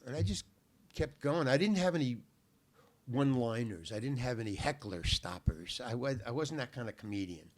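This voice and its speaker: A man's voice: mid-range voice, animated, normal speed. An older man, a guest on a talk show, telling a long anecdote in a laid-back, rambling way, repeating words and cursing freely. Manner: laid-back, salty language.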